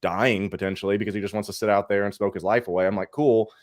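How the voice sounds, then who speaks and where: A tired man co-hosting a casual collecting show, telling an animated story and swearing freely. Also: lowish voice, fast, dry recording. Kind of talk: casual podcast chat.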